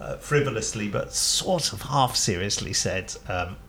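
A man's voice: on the low side, animated, a little slow, fairly bright tone, a little hiss or hum. A man hosting a podcast, chatting casually and laughing at himself while he has a cold. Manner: chatty, self-mocking, laughs often. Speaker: podcast host. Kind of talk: casual chat. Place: home recording, trains audible outside.

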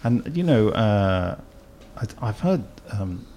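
Male podcast host, halting, lots of filler, light background noise. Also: lowish voice, big pitch swings, mellow. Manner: hesitant, many ums and restarts. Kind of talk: casual podcast chat.

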